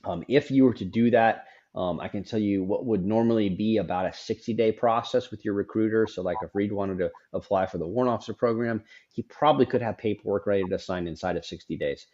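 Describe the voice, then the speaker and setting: A man's voice: on the low side, brisk, hardly any pauses, dark tone. A middle-aged man hosting a casual conversation, frank and rambling, often repeating words as he goes. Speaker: podcast host. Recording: dull lo-fi sound.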